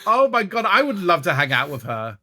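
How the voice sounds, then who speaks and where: A young man co-hosting a casual comedy podcast, animated and acting out his mum's voice as he tells stories. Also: high-pitched, brisk, no echo, clean studio sound. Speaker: podcast co-host.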